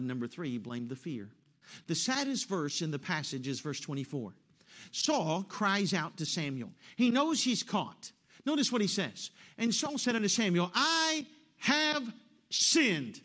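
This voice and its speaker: Emphatic preacher man, higher voice. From West Virginia. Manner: emphatic, rising to loud peaks. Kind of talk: sermon with a story.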